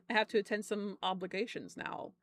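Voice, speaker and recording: A woman doing an impression of a menacing male villain in a low, quiet, clipped voice. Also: fairly even intonation, unhurried, lightly acted. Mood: coolly dismissive. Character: cold, menacing male villain taking his leave.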